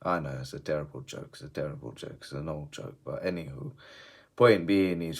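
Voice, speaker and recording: Male football vlogger, low voice, loose sweary rant delivery. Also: brisk. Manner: swears freely, swings between laughing and grumbling. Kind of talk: casual post-match rant.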